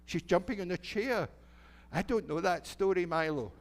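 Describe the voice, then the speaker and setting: In a church sanctuary, a middle-aged Scottish minister shares a children's story in a playful, conversational way, quizzing the children along the way. His high voice has lively intonation at a normal speed.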